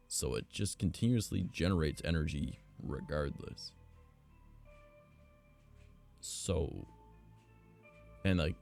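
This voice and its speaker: A man's voice: lowish voice, vocal fry, a little mellow. A man streamer telling stories in casual chat, rambling, blunt and profane. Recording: faint background music.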